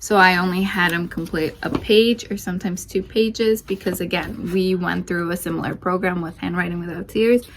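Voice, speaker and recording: A woman's voice: on the low side, fairly even intonation, moderate pace, hardly any pauses, a little hiss or hum. A young woman who hosts a homeschooling channel, chatting casually through a curriculum review with lots of fillers and restarts, a little out of breath. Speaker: homeschooling mom channel host.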